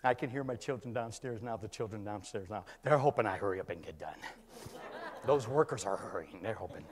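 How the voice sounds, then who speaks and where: An older man, a pastor, preaching a storytelling sermon that swings from quiet talk to shouting, in a church. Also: fairly low pitch, lively intonation, fairly quick. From California. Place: church sanctuary. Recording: church hall with long reverb.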